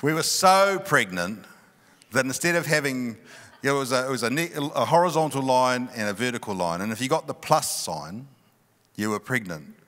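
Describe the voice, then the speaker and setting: A middle-aged male pastor telling a personal story in a sermon, animated and often laughing. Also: medium pitch, moderate pace. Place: large church hall. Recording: long reverb of a church hall.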